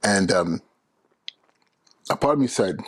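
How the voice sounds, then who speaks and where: Earnest male educator hosting a solo podcast; low, husky voice. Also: animated, takes it slowly, dry recording. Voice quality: earnest and persuasive, with frequent restarts.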